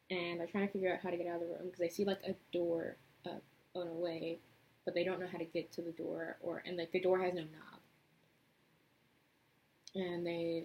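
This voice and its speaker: A woman's voice: fairly low pitch, darkish tone, a little hiss or hum, rough recording. A young woman vlogger chatting casually as she retells a movie plot and does her makeup, rambling with lots of fillers. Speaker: beauty vlogger.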